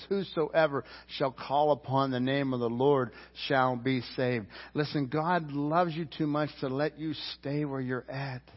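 A man preaching a sermon as pastor, emphatic, swinging from loud climbs to low quiet drops. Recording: roomy church hall, dull lo-fi sound.

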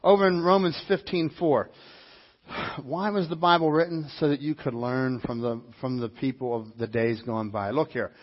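Male pastor, sermon, husky and slightly high, animated with repeated lines, dull lo-fi recording. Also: moderate pace. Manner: animated preaching with mimicked voices and repetition. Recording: dull lo-fi sound.

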